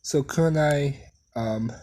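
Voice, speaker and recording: A young adult storyteller casually retelling a fan story, rambling with fillers, coughing and clearing their throat often. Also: medium pitch, slow, mellow.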